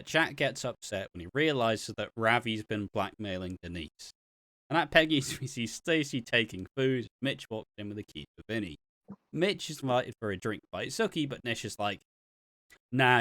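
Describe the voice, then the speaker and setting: A man's voice: mid-range voice, animated, normal speed, a bit bright, dry recording. A man co-hosting a podcast, recapping soap episodes in chatty, casual talk and often laughing. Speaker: podcast co-host.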